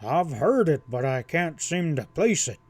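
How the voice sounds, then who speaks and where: Man doing a gruff old one-eyed cowhand. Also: fairly high pitch, sing-song, a little slow, darkish tone, dry recording. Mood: puzzled. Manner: gruff, grumbling, indignant.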